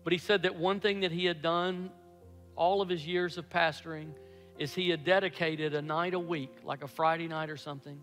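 A pastor in his fifties telling a story in a sermon, animated and acting out his own past excitement. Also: on the high side, moderate pace. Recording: echoey hall with faint music.

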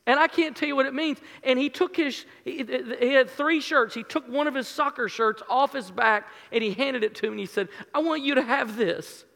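Homme pasteur, voix aiguë, grande salle réverbérante. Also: male voice, very high-pitched, a little fast, gravelly, few pauses, a bit bright, big-room sound. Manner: earnest, emotional storytelling with many restarts. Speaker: pastor. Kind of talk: sermon storytelling.

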